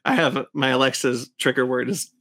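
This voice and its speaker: A man with a mid-range, slightly bright voice, fairly even intonation and normal speed hosts a podcast. He chats casually while reviewing, voicing strong opinions full of fillers and restarts.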